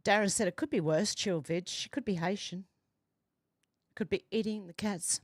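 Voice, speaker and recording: At normal speed and medium pitch, an Australian woman reads viewer comments on her casual home livestream, chatty and amused. The audio is echo-free and studio quality, though she's at home with the doors and windows open.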